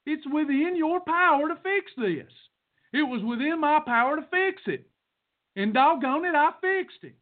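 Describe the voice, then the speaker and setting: A man's voice: extremely high pitch, lively intonation, moderate pace. A man hosting a podcast, giving a blunt, folksy and fiery motivational talk that repeats itself like a sermon. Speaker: podcast host. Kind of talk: preachy motivational monologue. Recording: tinny phone-like sound.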